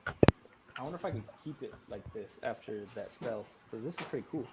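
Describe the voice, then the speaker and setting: Thoughtful player, loud background noise and clicks on the line. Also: mid-range voice, lively intonation, a little fast. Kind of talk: casual tabletop role-play.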